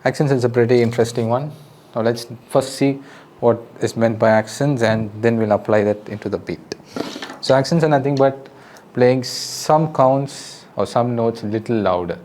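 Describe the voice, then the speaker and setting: Here a man with an Indian English accent and a mid-range voice teaches drums at a moderate pace. Patient and relaxed, he counts out the beats and walks through each step in a friendly way while loud drum music plays underneath.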